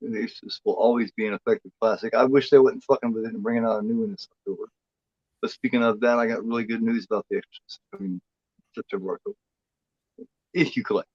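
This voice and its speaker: A man's voice: on the low side, fairly even intonation, fast, a little mellow, dry recording, lo-fi sound. A man co-hosting a horror movie chat show, rambling and swearing freely in casual talk. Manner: rambling, swears freely, voices the cat in a playful drawl.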